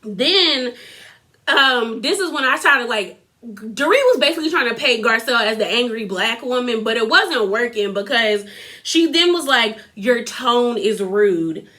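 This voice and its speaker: Chatty, bright-voiced young woman. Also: a little high, expressive, moderate pace. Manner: chatty, lots of filler "like", quotes people in a put-on voice. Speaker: reality TV recap vlogger. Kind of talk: casual recap chat.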